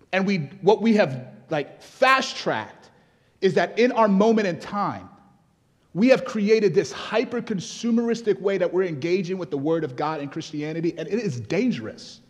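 A man's voice: high-pitched, expressive, moderate pace. A man from Nigeria preaching a sermon as pastor, conversational at times and rising into emphatic exhortation. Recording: long reverb of a large hall.

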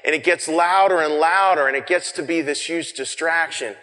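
Male preacher, slightly high voice, conversational sermon with dramatic loud and hushed contrasts, long hall reverb. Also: normal speed. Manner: swings from shouting to hushed whispers for effect; repeats words and restarts, conversational.

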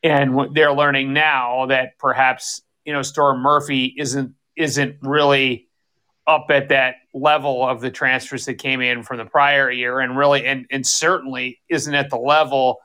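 Bright-voiced man rambling about sports. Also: medium pitch, level tone, a little slow, smooth. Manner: rambling, many restarts and self-corrections. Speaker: podcast co-host. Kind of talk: casual sports talk.

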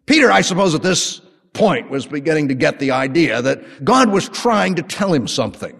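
A man teaching a sermon with an animated, conversational storytelling manner. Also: a little high, normal speed, vocal fry, slightly rough. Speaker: Bible teacher. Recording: long hall reverb.

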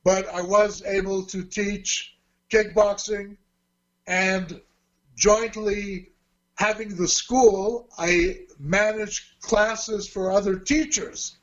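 High-voiced man telling stories. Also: fairly even intonation, slow pace, a bit bright, muffled recording. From Australia. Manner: chatty, with restarts and quoted dialogue. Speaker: martial arts teacher and fight promoter. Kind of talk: interview storytelling.

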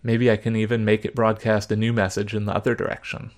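A man's voice: fairly low pitch, flat delivery, fast talker, natural voice. A man voicing a paranoid, fervent middle-aged father who rails about communists in a spoken story. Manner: fervent, conspiratorial, emphatic.

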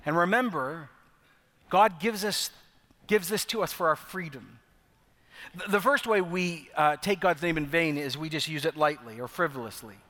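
A middle-aged pastor delivers an earnest sermon, his voice a touch higher than most men's. He slows down to hammer home key phrases. The sound trails off in the long reverb of a church hall. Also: bright, forceful tone.

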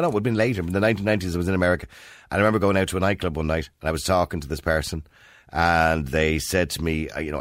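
A man's voice: fairly low pitch, no echo, clean studio sound. A man in his fifties with an Irish accent, hosting a casual phone-in radio show, joking and laughing often. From Ireland. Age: 50s. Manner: jokey, laughs often, animated. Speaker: radio host.

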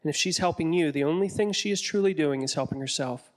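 A stern, mysterious woman who keeps a hidden gate, as a male narrator puts her on, speaking with a foreign accent. She sounds grave and commanding, and regretful underneath. It is told as a storybook reading in a fairly high voice. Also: fast talker, natural voice.

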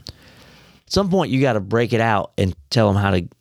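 Folksy man with a gravelly voice. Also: lowish voice, very animated, a little fast, no room sound, clean studio sound. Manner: folksy, conversational, preachy asides. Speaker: podcast co-host. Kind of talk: casual faith podcast discussion.

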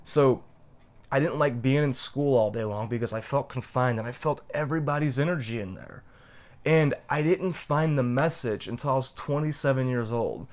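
A man's voice: mid-range voice, normal speed, a little mellow. Earnest, heartfelt male storyteller. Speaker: podcast co-host.

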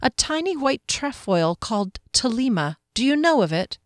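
A woman's voice: fairly high pitch, very animated, moderate pace, no echo, clean studio sound, voice pushed up. A woman voicing an observant young heroine who speaks directly and probingly.

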